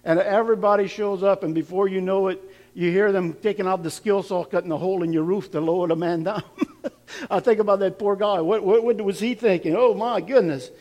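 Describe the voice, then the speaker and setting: A man's voice: high voice, a little fast, darkish tone. A man preaching a sermon, laughing now and then and building up to emphatic, repeated lines.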